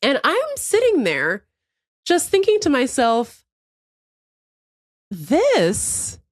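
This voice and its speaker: A woman's voice: fairly high pitch, dry recording. Woman podcaster, bouncy up-and-down voice, laughing thru a story, dry close mic. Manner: animated storytelling, laughs often; swears casually, acts out quotes. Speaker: podcast co-host. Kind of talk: casual comedy podcast chat.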